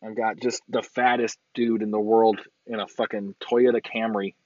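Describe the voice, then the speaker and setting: A man in a car, giving a crude, profane road-rage rant and yelling sarcastic insults at other drivers. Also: fairly low pitch, level tone, normal speed, slight background noise. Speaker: vlogger ranting while driving. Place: inside a car in traffic. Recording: dull lo-fi sound.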